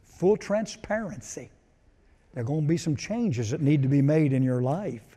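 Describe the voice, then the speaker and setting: A male pastor preaching a sermon, emphatic, swelling to loud declarations and then dropping low. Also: moderate pace. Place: church sanctuary. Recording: long reverb of a large hall.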